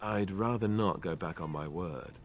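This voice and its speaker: A young former templar and warden in a video game, speaking with a British accent. His voice sits on the low side, dry and self-deprecating. Faint game music plays behind him. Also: normal speed. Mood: wry.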